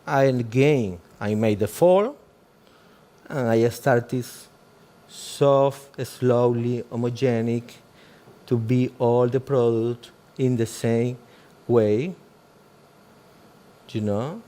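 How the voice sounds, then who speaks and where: A man, a doctor, talking through a live procedure demonstration in halting, fragmented phrases. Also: mid-range voice, mellow.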